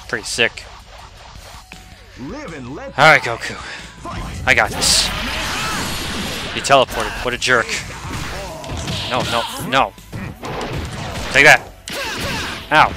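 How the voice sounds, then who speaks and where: A man giving excitable, playful commentary on his own fighting-game play, yelling at opponents and laughing often. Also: medium pitch, slow, long pauses. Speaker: gaming streamer. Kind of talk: live gameplay commentary. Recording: game music playing behind the voice.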